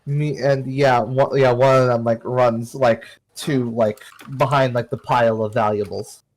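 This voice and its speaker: A man's voice: mid-range voice, fairly even intonation, unhurried, darkish tone, rough recording. Loose, rambling man running a game. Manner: loose, rambling narration that swears freely. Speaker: game master. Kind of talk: narrating a tabletop game.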